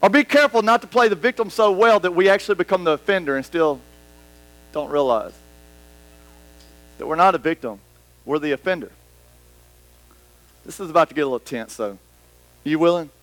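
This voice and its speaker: A man's voice: fairly high pitch, lively intonation, a little fast, pauses often, a bit bright, poor audio. A man preaching a conversational sermon in church, slipping into quoted voices and back. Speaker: pastor.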